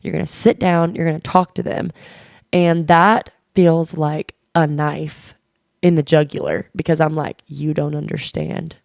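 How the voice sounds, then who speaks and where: A woman co-hosts a podcast in easy, candid conversation. Her voice sits a little low with a gravelly fry running through it, and the sound is dry and close. She tells stories earnestly and slips into quoted dialogue as she goes. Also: flat delivery, unhurried, a little mellow, no room sound. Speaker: podcast co-host.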